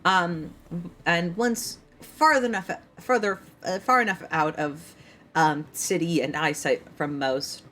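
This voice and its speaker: A woman's voice: on the low side, slow pace, a bit bright. A woman with a tired, strained voice, narrating a tabletop game as game master, rambling with many ums and likes.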